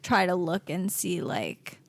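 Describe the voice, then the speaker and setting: A woman's voice: fairly low pitch, very animated, slow pace, no room sound. A young woman co-hosting a podcast, chatting casually with lots of filler words. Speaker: podcast co-host. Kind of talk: casual chat.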